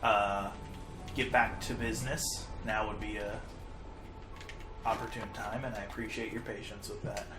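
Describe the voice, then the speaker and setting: A man's voice: fairly low pitch, little pitch movement, moderate pace, pauses often, music in the background. A man hosting a casual gaming session with friends, chatty and self-deprecating, laughing often. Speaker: host and player. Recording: roomy echo.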